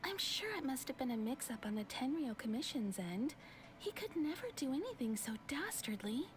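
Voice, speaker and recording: A woman voicing a gentle, soft-spoken young townswoman with a soft, slightly squeaky, near-whispered voice who tells stories patiently. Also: very animated, moderate pace, background noise.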